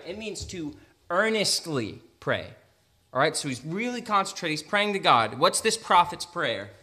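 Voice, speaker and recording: Bright, animated male preacher. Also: fairly high pitch. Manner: animated, jokes and acts out Jonah's angry prayer. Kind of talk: sermon.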